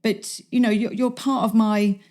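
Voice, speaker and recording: A woman with a Welsh accent hosting a podcast, talking in a chatty, effusive way with quick asides. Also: on the high side, steady tone, a little mellow. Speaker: podcast host. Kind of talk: podcast intro and interview.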